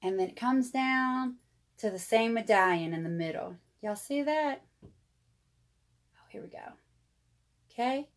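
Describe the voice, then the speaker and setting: A woman's voice: fairly high pitch, moderate pace. A woman, chatting through a live jewelry sale and calling her viewers y'all. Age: 30s. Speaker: jewelry seller. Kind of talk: live jewelry sales stream.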